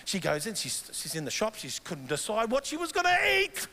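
A middle-aged Australian man preaching a sermon in a church, telling animated personal stories. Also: sits high, fairly quick, slight background noise. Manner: animated storytelling, mimics his wife in quoted dialogue. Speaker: guest pastor. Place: large church hall. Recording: long hall reverb.

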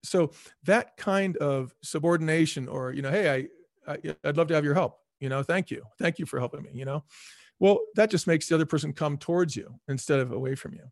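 A man speaking as a guest in a casual interview, telling stories with lively acted-out dialogue. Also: fairly high pitch, a little fast, dry recording, studio quality. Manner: animated storyteller, acts out quoted dialogue. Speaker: former restaurant chain CEO, guest.

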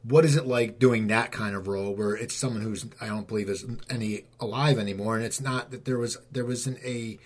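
Husky man asking long interview questions. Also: on the low side, steady tone, a little fast, few pauses.

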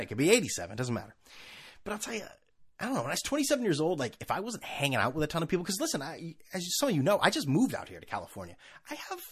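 A man's voice: fairly bright tone, husky. Rambling sarcastic man in his thirties. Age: 30s. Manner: sarcastic, rambling, mimics people in high mocking voices. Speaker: podcast host. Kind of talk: solo podcast monologue. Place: California.

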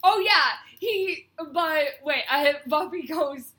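A woman co-host chats loosely through an episode recap, slipping into quick playful impressions of the characters. Her voice sits high and bright. The tone stays relaxed and conversational. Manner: chatty, recaps scenes with playful quoted lines and laughs. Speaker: podcast co-host. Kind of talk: casual recap chat.

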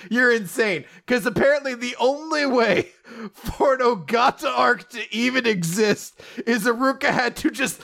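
A man's voice: extremely high pitch, creaky, fairly bright tone. A man in casual chat, animatedly recapping a story, laughing often and acting out quoted lines.

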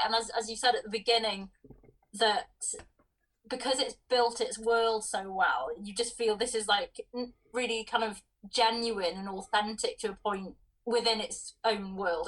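A woman co-hosts a casual film podcast. She talks thoughtfully, pausing and restarting her sentences. Her voice sounds a bit distant from the microphone. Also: mid-range voice, fairly even intonation, fairly bright tone. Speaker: podcast co-host.

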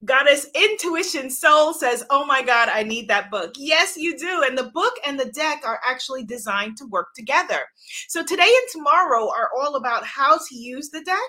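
An effusive woman hosts a live stream and greets her viewers one by one by name. Her voice sits a little high and rings bright and forceful. She laughs easily and keeps the energy up. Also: lively intonation, moderate pace. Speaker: host of a live stream, oracle deck author. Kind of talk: enthusiastic live-stream chat.

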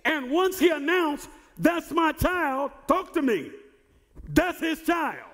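High-voiced pastor preaching in a hall. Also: male voice, big pitch swings, takes it slowly. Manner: preaching with rising, shouted emphasis; repeats words and stumbles on starts. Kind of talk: sermon.

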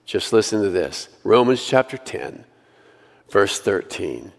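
A male pastor preaching a sermon, earnestly leading the congregation in repeated declarations and dropping to a hushed voice on scripture. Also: fairly low pitch, sing-song, slow, vocal fry, long reverb tail.

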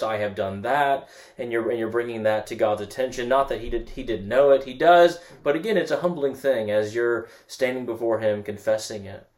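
A man gives a relaxed church teaching in an earnest tone. He often stumbles into repeated words and restarts before pressing on, with a voice of ordinary middle pitch. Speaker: guest teacher.

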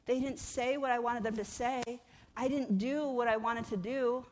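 A woman pastor delivers a sermon in a conversational, emphatic way, surging and then dropping low again. Her voice sits a little high for a woman. The sound carries a long reverb, as in a church hall. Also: fairly even intonation, moderate pace. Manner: conversational and emphatic, rising and falling in intensity.

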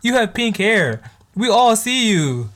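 A man's voice: sits high, big pitch swings, takes it slowly, a bit bright, voice pushed up, heavily acted. A man voicing an exasperated anime teenage boy who speaks in disbelief. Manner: incredulous, exasperated.

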